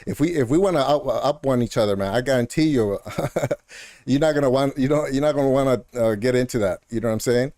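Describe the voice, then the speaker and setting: A man streaming a game and arguing with a viewer in chat, talking heated and animated and calling them bro and man. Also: mid-range voice, dry recording, clean studio sound. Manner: argumentative, talks straight to a viewer in chat, repeats "bro" and "man"; animated and heated, with quick laughs. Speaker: gaming streamer. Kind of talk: casual live-stream rant.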